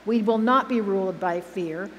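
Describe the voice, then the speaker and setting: A woman's voice: medium pitch, normal speed, highs cut off. Woman preacher, emphatic sermon delivery, echoing church hall recording. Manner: earnest, emphatic, asks the congregation questions. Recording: church hall recording with reverb and faint hum.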